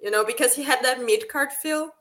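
A woman's voice: high-pitched, fairly quick, fairly bright tone. A woman from Europe co-hosting a podcast, gushing in casual chat with lots of fillers. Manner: enthusiastic, filler-heavy. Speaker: podcast co-host.

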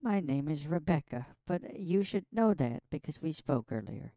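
A woman's voice: low voice, expressive, moderate pace, mellow, dry recording. An older woman baiting a scammer on a prank phone call, mocking and taunting him crudely. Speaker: scam baiter on a call.

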